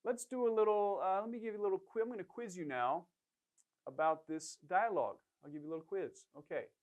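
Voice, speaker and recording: A man's voice: sits high, fairly quick, narrow, tinny audio. A man teaching a beginner language lesson, patiently prompting learners to repeat phrases and encouraging them. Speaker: Korean language instructor.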